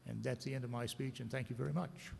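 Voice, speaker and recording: Blunt gravelly man in a reverberant hall. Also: mid-range voice, fairly even intonation, quick pace, noisy background. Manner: blunt, combative, sardonic. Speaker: agricultural lawyer giving a symposium speech. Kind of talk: speech and Q&A answers at a conference. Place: conference room with an audience.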